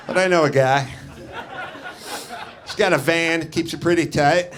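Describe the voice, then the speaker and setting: A man's voice: a little high, a bit bright. A middle-aged man hosting a live comedy show, ranting sarcastically and swearing on a club stage. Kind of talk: live stand-up rant. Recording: live club recording, crowd faint.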